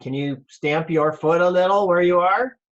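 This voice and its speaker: A rabbi reading a picture book aloud to children over a video call, slow and playful, asking them questions. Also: male voice, high-pitched, highs cut off.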